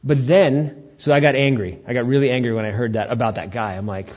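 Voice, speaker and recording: A man's voice: mid-range voice, fairly even intonation, quick pace, a little mellow. A male pastor giving a conversational sermon to his church, with joking asides to the congregation. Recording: dull lo-fi recording.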